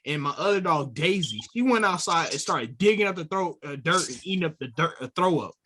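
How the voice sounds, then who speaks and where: A man co-hosting a podcast, speaking in a laid-back, drawn-out way. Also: fairly high pitch, lively intonation, sharp tone, husky. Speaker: podcast co-host. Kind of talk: casual chat.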